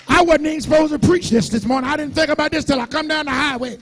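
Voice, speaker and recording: A man preaching a sermon as pastor, shouting and chanting in call-and-response with his congregation. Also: extremely high pitch, quick pace, hardly any pauses, faint music behind. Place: church sanctuary.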